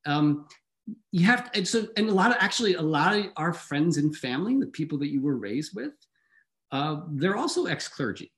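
Candid former-nun mom, brisk and explanatory, as a storyteller puts her on. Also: on the high side, very animated, a bit bright. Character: frank mother, former nun.

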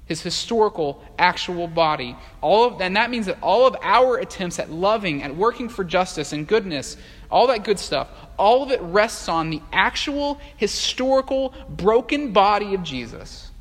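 A male pastor preaching a sermon in a conversational, animated way, with frequent fillers and restarts. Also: sits high, normal speed. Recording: long hall reverb.

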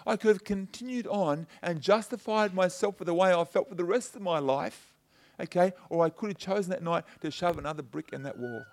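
A man's voice: sits high, brisk, creaky, a little mellow. A middle-aged man preaching a conversational sermon, telling personal stories and checking in with his listeners by asking "okay?". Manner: chatty and personal, tags points with "okay?" and "you know". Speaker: pastor.

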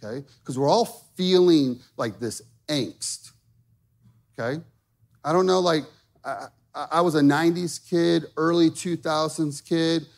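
A man in his thirties with a notably high voice delivers a sermon. He talks to the congregation like a friend and keeps checking in with "okay?" and "amen?". His tone stays casual, more chat than pulpit oratory. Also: a little slow, creaky, darkish tone. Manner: conversational preaching with frequent "okay?" check-ins. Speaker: pastor.

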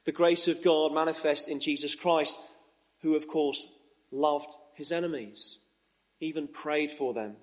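A man preaching a sermon in an earnest, measured way, with emphatic rises. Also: on the high side, steady tone.

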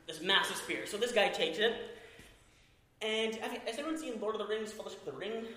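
A man's voice: high-pitched, brisk. A young man telling a rambling comic story to a live audience, laughing as he goes. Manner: rambling, animated, laughing as he talks. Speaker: performer. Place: coffee house event hall. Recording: echoey hall with faint noise.

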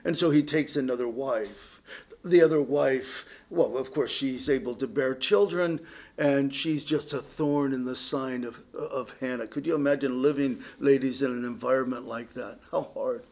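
A man's voice: medium pitch, moderate pace, darkish tone. A man preaching a conversational sermon in an earnest way, speaking straight to his listeners and often restarting his sentences. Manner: earnest, with frequent restarts and direct asides to listeners.

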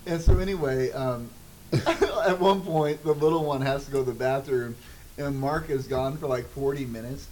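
A man's voice: mid-range voice, normal speed, a little mellow, slight background noise, rough recording. A man co-hosting a podcast in casual chat, laughing often and swearing as he tells stories. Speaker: podcast co-host.

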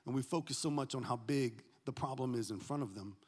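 A pastor preaching a sermon, animated and joking, swinging from loud to hushed. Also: male voice, medium pitch, fairly quick, breathy edge, in a large hall.

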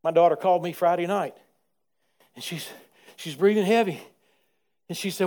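A man, preaching a sermon in repetitive rhythmic phrases and swinging between quiet asides and loud, emphatic passages. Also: high voice, moderate pace, pauses often. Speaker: pastor.

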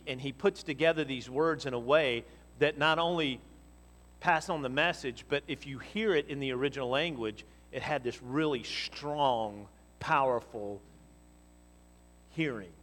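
A man preaching a sermon. He speaks with emphasis, rising to loud exhortation and dropping to quiet teaching. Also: mid-range voice, a little slow. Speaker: pastor. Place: church hall. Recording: long reverb of a church hall.

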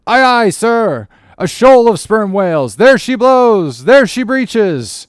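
A man voicing an excited male sailor lookout calling down from the masthead. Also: high-pitched, takes it slowly, smooth, no echo, studio quality, voice pushed up, exaggerated voice. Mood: hollering excitedly. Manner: hollering, excited.

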